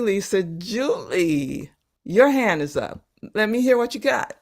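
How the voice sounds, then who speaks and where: A woman leading a live online workshop over a video call, speaking gently and haltingly, repeating words as she searches for them. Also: medium pitch, very animated. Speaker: workshop facilitator.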